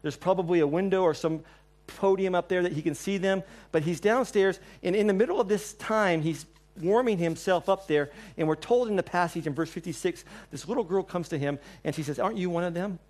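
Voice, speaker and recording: A male preacher delivers a sermon in church, with a voice pitched a little above the usual. He is a lively storyteller who acts out the lines he quotes. His loudness rises and falls between forceful and hushed. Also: brisk. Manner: animated storyteller, acting out quotes, swings between loud and soft.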